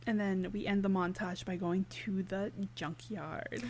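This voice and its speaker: A woman's voice: medium pitch, fairly even intonation, a little mellow. A woman co-hosting a podcast, recapping a cartoon in an easygoing chat, often laughing and agreeing with her partner. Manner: unhurried, laughs often, quick agreeing replies. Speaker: podcast co-host.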